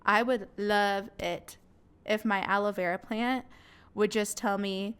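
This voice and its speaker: A woman's voice: mid-range voice, normal speed, smooth. A young adult woman hosting a podcast and speaking candidly and earnestly about her own experiences, with a laugh here and there. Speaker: podcast host. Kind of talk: personal podcast monologue.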